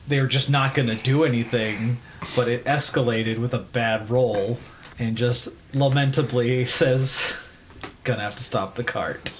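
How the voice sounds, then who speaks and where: Male player, mid-range voice, talks his moves through, faint noise behind him. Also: medium pitch. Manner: explains his character's actions in detail. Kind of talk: casual tabletop game play.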